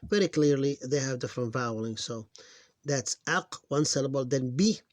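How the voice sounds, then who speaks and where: A man teaching reading, slowly sounding out syllables one at a time, recorded on a close mic. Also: medium pitch, no echo. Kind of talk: screen-recorded phonics lesson.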